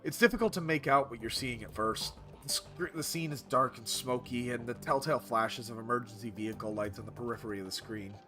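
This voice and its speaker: A man's voice: mid-range voice, a little fast, pushed and bright. A man reading a game's text aloud in a narrated playthrough, with wry asides. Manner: wry asides between read lines. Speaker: streamer reading a game aloud. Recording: game music behind voice.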